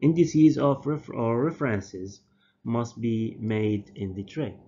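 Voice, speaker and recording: A man, a native Arabic speaker, giving a university dental lecture slowly and deliberately, often repeating and correcting his terms. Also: medium pitch, lively intonation, dark tone. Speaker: dental professor. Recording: dull lo-fi lecture recording.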